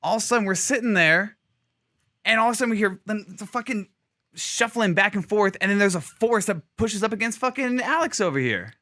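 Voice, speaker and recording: A man's voice: sits high, brisk, no room sound, studio quality. A man on a podcast telling a story in a casual, profane way, acting out the people in it. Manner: animated, profane, acts out other people's voices. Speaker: podcast co-host.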